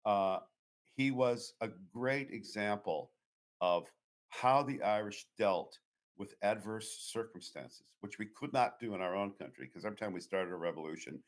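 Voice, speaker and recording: In an interview, a Boston-area author tells meandering, anecdote-heavy stories in a voice on the low side at a moderate pace.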